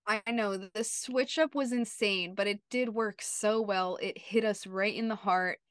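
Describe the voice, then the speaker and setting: A woman's voice: medium pitch, steady tone, a little slow, dry recording. Chatty woman podcast co-host, dry sound. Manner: chatty and emphatic, lots of "like" and "you know". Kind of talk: casual chat.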